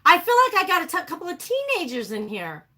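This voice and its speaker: A woman's voice: very high voice, wildly swooping pitch, fast talker, bright, forceful tone. A woman chatting casually and animatedly with her livestream viewers, laughing often. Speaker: livestream host.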